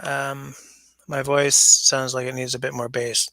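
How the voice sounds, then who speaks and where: A man's voice: mid-range voice, little pitch movement, measured pace, sharp tone, dry recording. A man hosting a casual livestream, rambling and chatting while he reads viewer comments aloud. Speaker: livestream host. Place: basement. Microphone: smaller mic than his usual setup.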